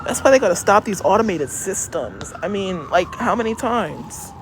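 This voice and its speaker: A woman's voice: mid-range voice, expressive, moderate pace. A woman livestreaming outdoors on a city street, chatting casually and rambling with her viewers, swearing freely and saying she is cold. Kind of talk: casual live-stream chat. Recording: street noise, echoey street.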